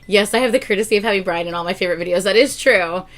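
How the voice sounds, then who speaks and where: A woman's voice: medium pitch, rapid-fire. Chatty young woman hosting a livestream. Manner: chatty and animated, bursts into loud laughter. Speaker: livestream host. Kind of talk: casual livestream chat.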